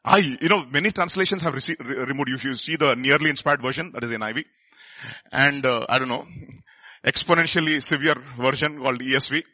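A man preaching a sermon, emphatic, asking the congregation questions and leaving pauses for them to answer. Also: medium pitch, pushed and bright.

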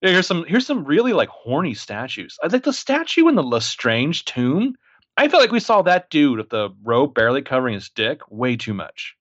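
Lively sarcastic man, dull dry sound. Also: fairly high pitch, moderate pace, no echo. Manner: sarcastic and profane, mocking impressions. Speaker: podcast co-host. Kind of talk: casual film review chat.

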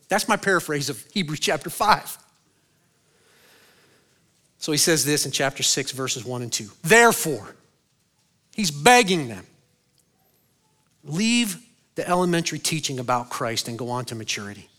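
A male pastor delivers a dynamic sermon in a bright, fairly high voice. He swings from loud, soaring bursts down to hushed, low lines. He keeps asking the congregation questions and answering them himself. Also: sing-song, moderate pace, pauses often.

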